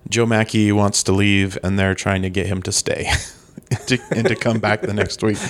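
A man's voice: on the low side, unhurried. A man co-hosting a podcast in casual chat, joking and laughing often. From Utah. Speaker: podcast co-host.

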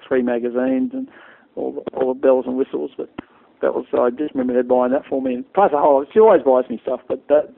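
A middle-aged Australian man rambles through his stories as an interview guest and restarts his sentences often. His voice is gravelly and a bit high, and he talks fast. The sound is thin, like a phone line. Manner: rambling, storytelling, many restarts. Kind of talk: casual interview chat.

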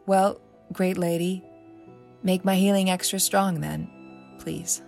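A woman's voice: lowish voice, fairly even intonation, slow pace, gravelly, a little mellow, soft background music. A woman voicing an earnest young man who pleads for healing, in a pleading, wry way.

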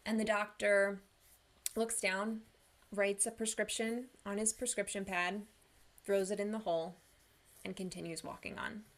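A woman's voice: medium pitch, level tone, a little slow, pauses often. A young woman who coaches people through anxiety and depression, giving an earnest, casual motivational talk. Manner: earnest, casual, uses "like" a lot. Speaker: mental health coach.

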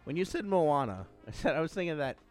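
A man's voice: on the high side, big pitch swings, quick pace, soft background music. Pa podcast dude in his 30s rambling thru a story, voice swings up and down a lot. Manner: rambling storyteller, loose and profane. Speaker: podcast co-host. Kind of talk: casual chat.

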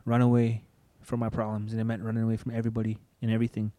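A young man, appearing as a guest, gives an earnest, emotional testimony of personal loss in conversation, acting out what people said to him. His voice is fairly low and mellow, monotone and very fast.

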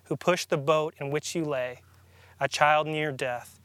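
A man reading aloud the lines of a wise, commanding male lion from a storybook, in a grave and measured way. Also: on the high side, steady tone, fairly bright tone, clear, resonant tone, no echo. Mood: solemn.

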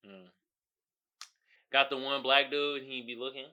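A man hosting a casual solo podcast, riffing in an animated, exasperated way with lots of slang and laughter. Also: mid-range voice, normal speed, smooth. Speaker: podcast host.

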